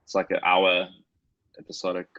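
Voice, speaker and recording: A young man with a husky voice, chatting casually in a laid-back way and chuckling. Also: low voice, monotone, normal speed, sharp tone. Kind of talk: casual chat. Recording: dull, dry lo-fi audio.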